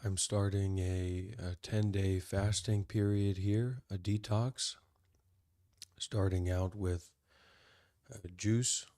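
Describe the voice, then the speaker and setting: Man, very deep voice, monotone, slow, dry sound, deadpan meditation teacher. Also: dry recording. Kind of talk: casual spoken teaching.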